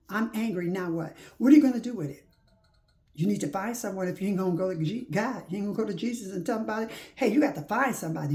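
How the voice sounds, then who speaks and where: Gravelly-voiced woman preaching. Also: mid-range voice, mellow. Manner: exhorting, repeats rhetorical questions; folksy spoken phrasing. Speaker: faith-based motivational speaker. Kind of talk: informal preaching to listeners.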